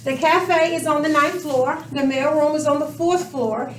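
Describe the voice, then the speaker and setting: A woman with a high voice teaches a math class at a measured pace, questioning her students and drawing out words for emphasis. A slight hiss or hum is audible. The lesson was captured by a camera across the room, so the classroom sounds echoey and distant.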